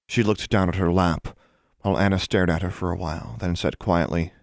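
A man with a very deep, gravelly voice reads a fantasy chapter aloud. His narration is measured and even. The recording is dry and close. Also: no echo. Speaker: audiobook reader. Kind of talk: storybook narration.

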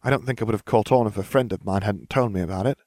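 A man voicing an eager young girl witch in an audiobook reading, speaking brightly in a raised voice. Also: on the low side, quick pace, no echo, studio quality, close to an everyday voice. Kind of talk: audiobook fan fiction reading.

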